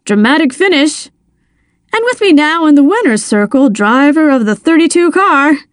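A woman voicing a male radio race announcer in an audiobook, with a brisk broadcast delivery. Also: high voice, sing-song, no echo, studio quality, pitched above the performer's own voice. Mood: excited.

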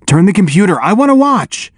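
An eager young male tank commander, emotional and quick to cheer, as a man reads him out. The voice sits higher than the reader's own and moves a lot. Dry, close storybook recording. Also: big pitch swings, darkish tone, no room sound. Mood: excited.

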